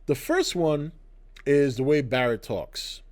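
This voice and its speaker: A man's voice: on the high side, lively intonation, slow, darkish tone. A middle-aged man hosting his own video channel, giving a blunt, sarcastic opinion rant to the camera. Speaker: channel host. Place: indoors, to camera.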